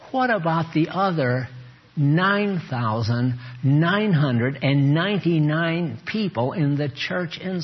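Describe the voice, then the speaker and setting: A man preaching a sermon to a small group, animated and teasing, calling on listeners by name. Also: a little high, breathy edge. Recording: muffled lo-fi recording.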